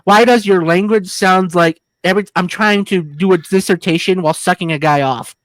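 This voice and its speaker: A woman's voice: on the low side, moderate pace, no room sound. A woman co-hosting a film review podcast, talking casually in a rambling, jokey, crude way with many restarts. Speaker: podcast co-host.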